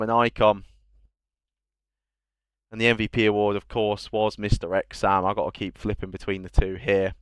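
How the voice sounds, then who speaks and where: A man's voice: medium pitch, smooth, dry recording. A man hosting a casual livestream awards show for a gaming league, chatting in banter and reading out lists of player names. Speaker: esports league host.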